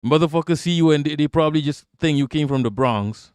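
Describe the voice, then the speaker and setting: A man's voice: on the high side, quick pace, a little mellow, clear, resonant tone, no echo, studio quality. A man hosting a livestream, reading viewer comments aloud and answering them in a rambling, profane way. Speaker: livestream host.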